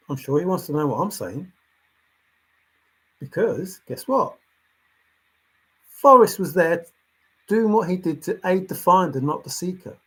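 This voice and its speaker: Brief: male solo commentator, slightly high and husky, preachy rant that swings quiet to loud. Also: sing-song, unhurried, pauses often, low-quality recording. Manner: lecturing, insistent, repeats himself, swings between soft and loud. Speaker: treasure hunt commentator. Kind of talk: ranting monologue.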